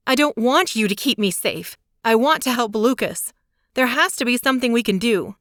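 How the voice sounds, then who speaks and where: Brief: woman narrator doing a desperate young heroine, raised high and tearful, dry booth sound. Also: expressive, moderate pace, dry recording, natural voice. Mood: urgent. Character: frightened, pleading young woman. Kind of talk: audiobook character reading.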